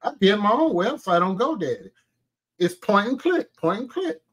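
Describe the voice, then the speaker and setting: A man co-hosting a casual commentary show, given to loud laughing fits and mock prayers. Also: high-pitched, sing-song, normal speed, breathy edge. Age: older. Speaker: co-host.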